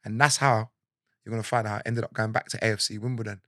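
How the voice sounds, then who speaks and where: A man in his forties with a South London accent, telling animated stories from his life in a casual interview and acting out what others said. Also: on the low side, fast talker, no echo, clean studio sound. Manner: animated storyteller, acts out quotes, laughs often. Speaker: guest.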